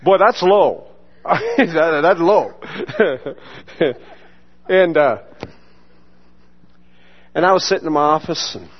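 A man's voice: a little high, very animated, takes it slowly, long pauses. A male pastor telling a personal testimony in a sermon, acting out the voices he quotes and laughing often. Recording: muffled lo-fi sermon recording.

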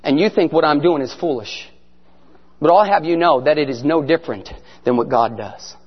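A man giving an animated testimony sermon as a guest speaker, telling his story and sometimes shouting prayers. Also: on the high side, husky. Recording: echoey hall, muffled sound.

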